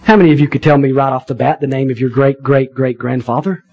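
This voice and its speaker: A man preaching a sermon in a conversational, animated way, with wry asides to the congregation. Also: mid-range voice, quick pace, muffled recording. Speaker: pastor.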